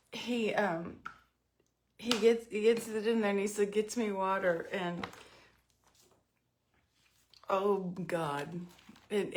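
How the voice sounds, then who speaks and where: A middle-aged woman tells a rambling story at home in an unhurried, drawn-out way, her voice sitting at an ordinary middle pitch. She is chatty and pokes fun at herself as she works through her makeup routine. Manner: chatty, self-mocking storyteller. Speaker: vlogger doing makeup. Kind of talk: casual storytelling vlog.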